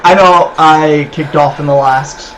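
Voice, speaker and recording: A man's voice: a little high, fairly even intonation, unhurried, noisy background. A man hosting a horror let's play, reacting in effusive, rambling casual commentary.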